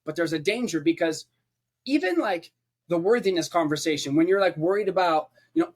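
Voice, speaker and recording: A man's voice: a little high, lively intonation, fairly quick. A man who is a preacher, talking as a podcast guest in a passionate conversational way, with emphatic repetition and rhetorical lists.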